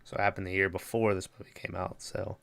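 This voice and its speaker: A man is recapping a horror movie on a podcast in a loose, profane way. He acts out the characters' lines as he goes. His voice is bright and crisp, with a clean, resonant tone. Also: deep voice, level tone, quick pace. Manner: rambling, swears freely, acts out characters' lines. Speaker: podcast co-host. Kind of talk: casual movie recap chat.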